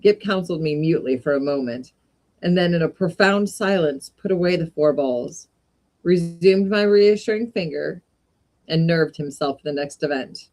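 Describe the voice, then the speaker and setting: A woman reading a classic short story aloud in an unhurried way, with brief casual asides. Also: sits low, a little mellow. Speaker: reader of short stories.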